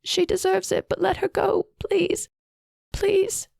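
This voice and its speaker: A woman voicing a gentle young princess who is crying and desperately begging her older sister. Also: very high-pitched, little pitch movement, slow, gravelly, no echo, studio quality, pitched above the performer's own voice, full character voice. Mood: tearful pleading.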